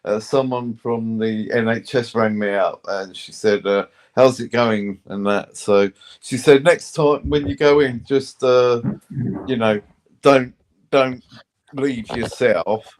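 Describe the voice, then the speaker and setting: A man's voice: medium pitch, slow pace. A man chatting casually on a live stream, telling rambling stories, swearing and acting out other people's voices. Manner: rambling storyteller, swears, acts out quoted voices. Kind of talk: casual chat.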